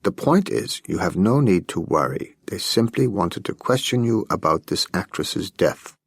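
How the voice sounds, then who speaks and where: A man reading an audiobook voices a weary, melancholy Soviet intelligence officer who speaks in a calm, measured, wry way. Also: low voice, slightly rough, no echo, clean studio sound, exaggerated voice.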